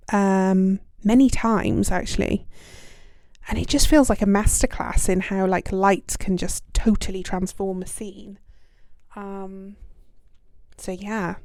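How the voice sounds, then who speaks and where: A young British woman chats through a relaxed solo podcast, self-deprecating and full of little fillers. Her voice is mellow and warm at a middle pitch. The recording is dry and close to the mic. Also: no echo. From United Kingdom. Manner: chatty, self-deprecating, lots of ums and likes. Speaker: podcast host. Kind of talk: casual reflective monologue.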